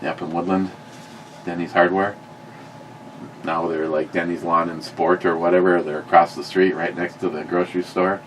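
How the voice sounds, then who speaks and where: A man telling a long story in casual chat, often stopping to correct himself and getting animated when he quotes people. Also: low-pitched, normal speed, slight background noise, low-quality recording. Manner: rambling, self-correcting, animated when quoting. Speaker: podcast co-host.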